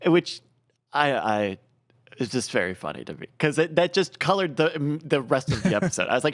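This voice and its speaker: A man's voice: fairly high pitch, sing-song, brisk, no echo, clean studio sound. A man co-hosting a podcast, talking animatedly and defending his points in casual chat. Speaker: podcast co-host.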